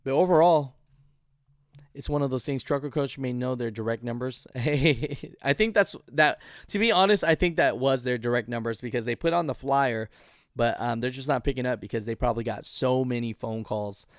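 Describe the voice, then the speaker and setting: A man's voice: medium pitch, normal speed, no echo, clean studio sound. A man hosting a live trucking call-in show, talking loosely and laughing often. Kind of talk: casual live-stream talk.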